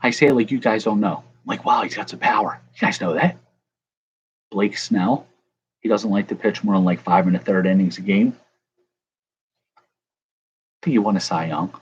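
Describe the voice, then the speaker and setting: A man's voice: lowish voice, normal speed, long pauses, darkish tone, a little hiss or hum. A man opening baseball cards on camera, joking and rambling to his viewers in casual commentary. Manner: jokey, rambling, talks to viewers. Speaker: card-breaking vlogger. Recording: dull lo-fi sound, faint ambience.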